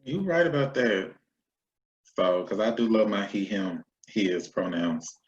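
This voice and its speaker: A young man co-hosting a casual educational discussion, playful and quick to laugh. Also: lowish voice, very animated, reverberant, highs cut off. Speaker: co-host.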